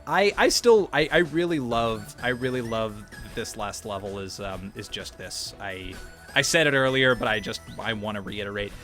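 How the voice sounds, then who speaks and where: A man's voice: medium pitch, sharp tone. A man co-hosting a gaming podcast, chatting casually and rambling while watching gameplay, swearing and laughing often. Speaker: podcast co-host.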